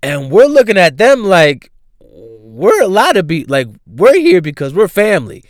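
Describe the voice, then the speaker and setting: Animated man telling a funny story. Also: sits high, unhurried, no room sound, clean studio sound. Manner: animated, laughs often, slangy and profane. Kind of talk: casual comedic storytelling.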